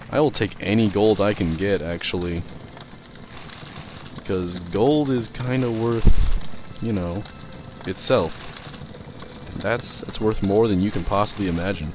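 A young man casually commentating his own gameplay, rambling, swearing and reacting loudly to what happens in the game. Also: low voice, background noise. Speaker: let's play host.

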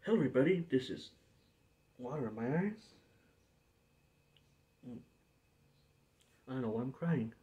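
Wrapping up a let's-play, a young gaming channel host playfully botches intro takes and laughs at himself. He has a dark, medium-pitched voice with lively intonation, taking it slowly with long pauses.

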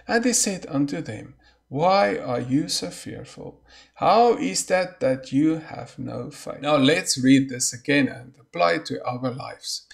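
Slow, gravelly-voiced man preaching. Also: a little high, fairly bright tone. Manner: slow, earnest preaching with scripture readings and prayer. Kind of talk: sermon.

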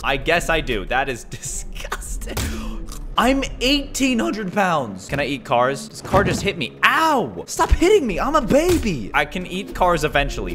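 Excitable man yelling over game play. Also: mid-range voice. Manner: excitable, yelps and shouts, giggly. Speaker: gaming YouTuber. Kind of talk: let's play commentary. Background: game music.

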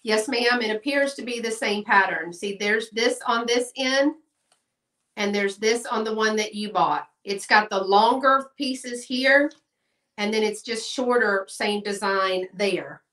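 A woman's voice: medium pitch, a little slow, a bit bright, recorded from a distance. A middle-aged woman, hosting a live sale in a chatty style and addressing viewers by name. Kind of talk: live-stream sales chat. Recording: echoey room, voice off-mic.

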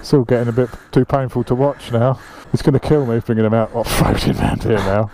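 A man's voice: medium pitch, fairly even intonation, fairly quick, a crowd in the background. A man bantering and teasing his friends while riding off-road hill trails, filmed on a helmet or bike camera. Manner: teasing, jokey, laughing often. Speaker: motorcycle vlogger.

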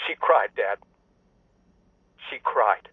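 Bitter, accusing grown son on a tinny phone. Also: male voice, on the low side, lively intonation, drawn-out words, slightly rough, dry recording, full character voice. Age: adult son with kids. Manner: accusing, clipped, resentful. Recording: dry tinny phone line.

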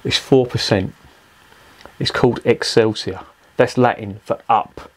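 A man's voice: medium pitch, a little slow, slightly rough. A man reviewing a beer in a rambling, profane, exasperated rant. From England. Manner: swears constantly, rambling and exasperated.

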